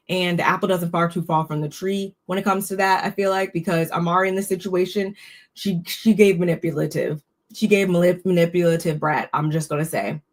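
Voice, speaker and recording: A woman giving a casual, opinionated recap of a reality show, talking freely with frequent restarts. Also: on the low side. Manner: chatty, opinionated, restarts often. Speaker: recap host.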